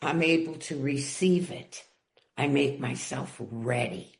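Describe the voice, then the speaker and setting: A woman at a recovery meeting shares slowly and from the heart. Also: very deep voice, gravelly, reverberant. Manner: slow, heartfelt sharing. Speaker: meeting participant.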